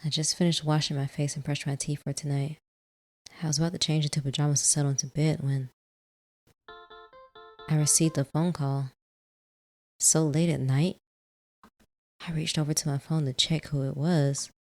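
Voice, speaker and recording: Woman host, low voice, reading a game story softly; quiet music under. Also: little pitch movement, moderate pace, pauses often. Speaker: let's play host. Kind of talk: reading a visual novel aloud with casual asides.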